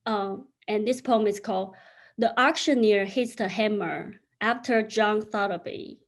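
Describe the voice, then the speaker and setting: A woman with a non-native English accent reading her own poems aloud over a video call, slow and deliberate with pauses between lines. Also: medium pitch. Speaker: poet. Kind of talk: poetry reading.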